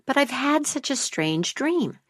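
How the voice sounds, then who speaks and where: A woman voicing a high pleading princess. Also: very animated, a little slow, heavily acted. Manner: high, pleading, startled cries. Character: restless captive princess, pleading.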